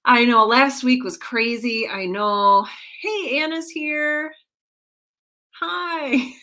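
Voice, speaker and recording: High-voiced woman chatting on a livestream. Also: takes it slowly, bright, forceful tone. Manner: chatty, greeting viewers by name one after another. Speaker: livestream host. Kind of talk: casual livestream chat. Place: at home with her cat.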